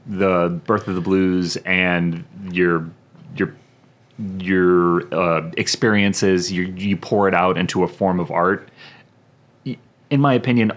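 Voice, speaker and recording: A man from Arkansas, co-hosting a podcast and talking eagerly and casually about a film. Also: sits low. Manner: enthusiastic, swears casually. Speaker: podcast co-host.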